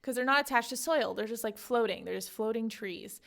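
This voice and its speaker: A woman voicing a weary young castaway man, speaking low in a drawled, wry way. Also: fairly quick, creaky, a bit bright. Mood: dazed.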